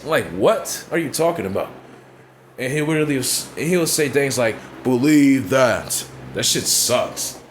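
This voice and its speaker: Expressive and fairly bright, this mid-range male voice moves at a moderate pace over a little hiss or hum. He's a wrestling commentator vlogger ranting bluntly and profanely in casual talk, repeatedly asking if you know what he means.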